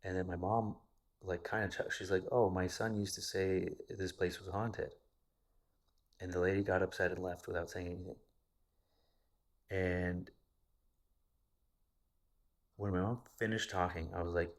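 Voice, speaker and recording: A man's voice: sits low, little pitch movement, normal speed, long pauses. A man in his thirties telling a personal story casually, rambling and swearing freely. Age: 30s. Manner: profane, rambling.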